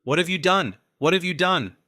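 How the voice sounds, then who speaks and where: A heavy-accented Spanish-speaking gunman, voiced by a male audiobook narrator, curt and threatening. The voice sits higher than the reader's own, tense and crisp. Dry, close studio sound. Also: normal speed, pushed and bright, dry recording. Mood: panicked. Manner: curt and threatening, then desperate. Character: frightened gruff foreign gunman, adult man.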